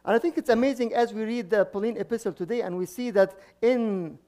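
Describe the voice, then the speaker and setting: High-voiced priest preaching, halting restarts. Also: male voice, mellow. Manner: frequent restarts and repeated words, chuckling asides. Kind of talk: sermon.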